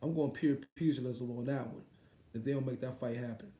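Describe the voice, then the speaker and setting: A man's voice: medium pitch, fairly even intonation, a little fast, dark tone. A man hosting a boxing livestream, ranting casually in a profane, rambling way full of repeats. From United States. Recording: roomy echo.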